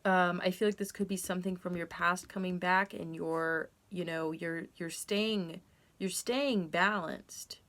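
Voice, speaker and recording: A woman's voice: on the low side, level tone, moderate pace, few pauses, a bit bright. A young woman giving a casual tarot reading to camera, candid and rambling, with frequent ums and self-corrections. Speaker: tarot reader.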